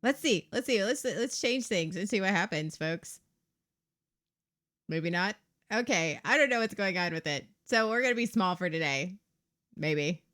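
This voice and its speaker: A woman's voice: medium pitch, lively intonation, moderate pace, fairly bright tone. A woman hosting her own livestream, talking candidly, laughing often and swearing freely. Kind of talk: casual livestream chat.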